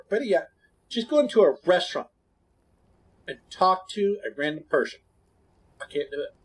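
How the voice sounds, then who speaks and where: A man streaming, chatting with his viewers in a blunt, candid, rambling way that often drops suddenly to a quiet mumble. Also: medium pitch, slightly rough. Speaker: gaming streamer. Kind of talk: casual chat to stream viewers.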